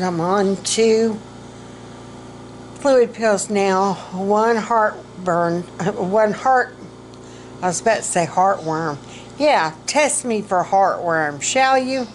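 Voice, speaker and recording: A woman's voice: lowish voice, a little hiss or hum, low-quality recording. A middle-aged woman, vlogging casually about her health, rambling and self-mocking, and short of breath.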